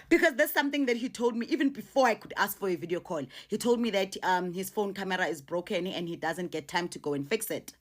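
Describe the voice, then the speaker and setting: A middle-aged woman with a South African accent tells a personal story in an animated way, repeating exclamations and mixing in local words. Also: medium pitch, quick pace, few pauses.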